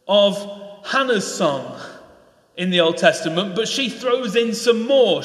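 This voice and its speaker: A man's voice: sits high, a bit bright. A man with a Northern English accent preaching a passionate sermon in church, building to pleading questions and getting openly enthusiastic. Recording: echoey church hall.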